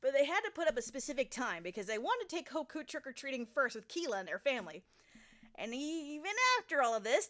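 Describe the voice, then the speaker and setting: Young woman, streamer, reads a story aloud, very high voice, giggly and lively. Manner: giggly, lively reader who breaks off to chat. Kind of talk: reading a fan story aloud on a live stream.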